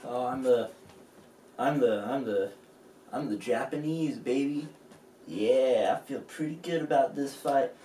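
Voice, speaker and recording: A man's voice: medium pitch, unhurried, mellow, recorded from a distance, slight background noise, natural voice. A man voicing a swaggering, boastful Japanese fighter spoiling for a fight, recorded in an echoey room away from the mic. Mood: cocky.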